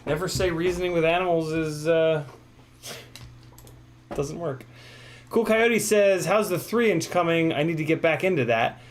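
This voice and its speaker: Dude on a live stream, kinda hoarse, lots of ums, slightly high voice. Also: male voice, normal speed, long pauses. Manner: rambling, reads chat aloud, many fillers. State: losing his voice. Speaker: livestream host. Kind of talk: casual live stream chat.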